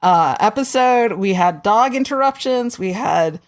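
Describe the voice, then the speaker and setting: A woman hosting a podcast in casual chat, bubbly and quick to laugh. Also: medium pitch. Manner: bubbly, animated, laughs a lot. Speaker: podcast host.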